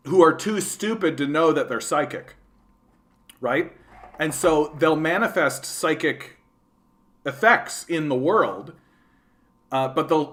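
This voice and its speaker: Canadian man, livestream host, casual rambling chat, curses freely, keeps asking "right?", fairly high voice. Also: fairly bright tone. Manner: rambling and profane, tagging sentences with "right?".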